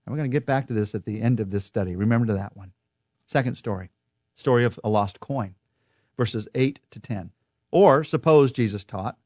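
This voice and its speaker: A man teaching through a Bible chapter in an earnest, expressive devotional style, lifting his voice for emphasis. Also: medium pitch, no echo, studio quality. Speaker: pastor teaching a Bible study.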